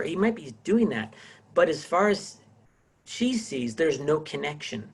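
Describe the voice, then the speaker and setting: A man's voice: fairly high pitch, lively intonation, normal speed, breathy edge. A middle-aged man teaching a casual class over a video call, rambling with many restarts. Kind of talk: casual online class lecture.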